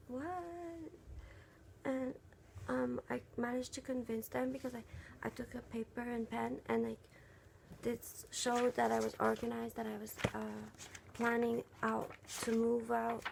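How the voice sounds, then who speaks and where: Soft-spoken gravelly young woman. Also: a little high, slight background noise. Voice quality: gravelly fry, often breathy and half-whispered. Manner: soft, halting, many fillers and restarts. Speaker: vlogger. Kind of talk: casual personal venting vlog.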